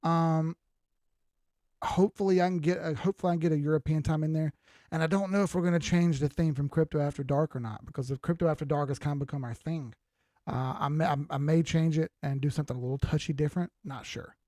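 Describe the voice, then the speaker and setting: Older dude chatting on a crypto livestream, kinda high voice, swears a lot, reads comments off the screen. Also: male voice, steady tone, fast talker, warm tone, no room sound, clean studio sound. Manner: loose, profane, chatty, reading out viewer comments. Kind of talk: casual livestream chat.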